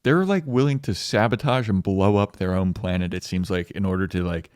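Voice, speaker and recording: A man co-hosting a movie review podcast in casual chat, relaxed, laughing often, with many fillers. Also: low voice, brisk, no room sound, clean studio sound. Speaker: podcast co-host.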